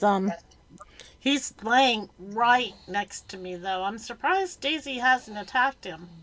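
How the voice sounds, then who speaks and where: A middle-aged woman with a high, bright voice talks in an unhurried, easygoing way on a video call. She tells stories about her grown children and plays out their short answers on the phone. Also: slight background noise, poor audio. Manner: animated storyteller who acts out family phone calls. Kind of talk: casual chat.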